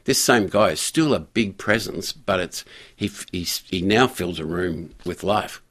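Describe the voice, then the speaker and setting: An older man telling a story in a radio interview, halting with frequent restarts and fillers. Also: deep voice, fairly bright tone. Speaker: guest, community pastor.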